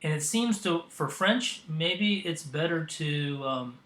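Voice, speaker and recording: A man hosting a software tutorial, demonstrating as he goes and pausing often with ums and uhs. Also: a little high, animated, echoey room. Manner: hesitant, with frequent ums and uhs. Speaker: tutorial host. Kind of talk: screen-recorded software tutorial.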